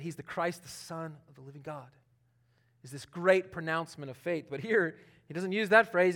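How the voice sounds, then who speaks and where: A man preaching a sermon in a conversational, animated way, acting out what people say. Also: sits high. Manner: conversational, animated, acts out quotes, laughs often. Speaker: pastor.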